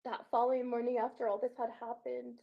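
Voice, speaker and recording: Earnest and tearful, a woman guest on a call-in show recounts her own emotional experience in the first person. She talks fast in a slightly high, monotone, gravelly voice, and the audio sounds dull.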